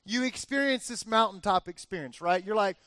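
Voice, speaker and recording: A man in his forties preaching a sermon as pastor, telling a lively family story and acting out the cheers. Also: high voice, fairly quick, dry recording. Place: church.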